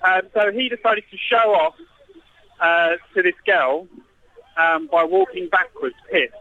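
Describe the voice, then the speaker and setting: A man's voice: sits high, expressive, a little slow. A man calling in by phone from a festival, talking in a hesitant, laid-back way. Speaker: festival caller. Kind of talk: phone-in chat. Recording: dull phone line.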